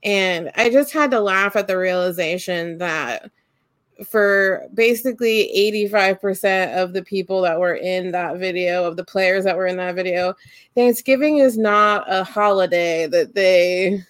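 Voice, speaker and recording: A podcast co-host from Central Ohio in relaxed conversation. Her voice is at a middle pitch and sounds dry and close, with no room around it. She rambles with plenty of fillers and slips in giggly asides. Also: a little slow, dry recording. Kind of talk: casual chat.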